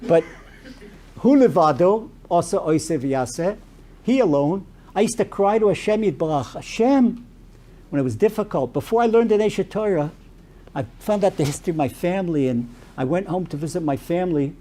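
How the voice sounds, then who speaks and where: A high-voiced man plays a rabbi, delivering a brisk, animated sermon built around storytelling and peppered with Hebrew and Yiddish words.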